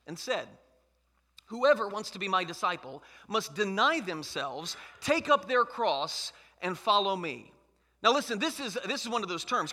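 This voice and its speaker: A man's voice: high voice, bright, forceful tone. A man preaching a sermon as pastor, emphatic and conversational, in a church hall. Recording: long hall reverb.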